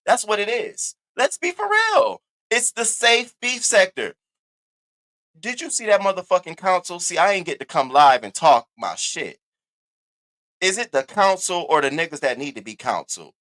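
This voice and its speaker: A man hosting a casual live commentary stream, talking in an animated, sassy and profane way, repeating catchphrases and swinging his voice up high for emphasis. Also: moderate pace. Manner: animated, sassy and profane, with big swoops in pitch. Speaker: livestream host.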